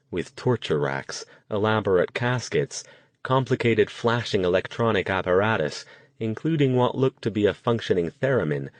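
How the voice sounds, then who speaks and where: A man narrating an audiobook in a steady, measured way. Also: sits low, no room sound. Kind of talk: scripted narration.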